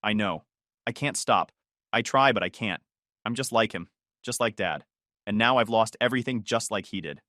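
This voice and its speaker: A man's voice: lowish voice, normal speed, bright, forceful tone, no echo, studio quality. A man voicing a desperate, drunk young twin brother who pleads with a breaking voice. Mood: pleading.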